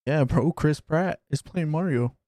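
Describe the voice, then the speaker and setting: A man's voice: a little high, measured pace, dark tone, dry recording, clean studio sound. Blunt, swearing young man, casual podcast. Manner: blunt, swears freely, teasing. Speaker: podcast co-host. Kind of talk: casual chat.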